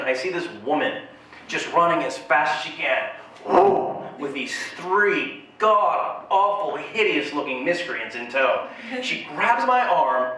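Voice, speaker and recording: Lively high-voiced male stand-up comic. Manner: animated storytelling, acting out voices. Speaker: stand-up comedian. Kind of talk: stand-up comedy set. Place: live venue on stage. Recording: very echoey live venue, distant mic.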